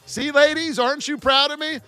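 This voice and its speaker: A man's voice: very high-pitched, fairly even intonation, normal speed, bright, forceful tone, soft background music. A man hosting a live stream, calling out stock price levels and joking energetically with his viewers. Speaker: trading educator. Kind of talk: live-stream market commentary.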